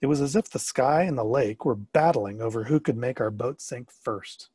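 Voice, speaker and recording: A man narrating a story in the first person, expressive and sometimes rising to excited questions. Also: medium pitch, moderate pace, husky.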